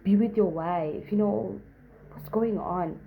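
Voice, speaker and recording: A woman's voice: slow, creaky, phone-quality sound, slight background noise. A young woman from Zimbabwe casually telling a storytime tale, acting out the other people's lines with big jumps in her voice. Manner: animated, acts out quotes with big pitch jumps. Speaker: vlogger.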